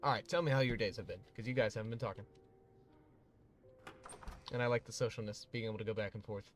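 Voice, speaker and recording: A man's voice: lowish voice, fast, slight background noise. Chatty male gaming streamer. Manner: chatty, rambling, uses many fillers. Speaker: gaming livestreamer. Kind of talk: casual livestream commentary.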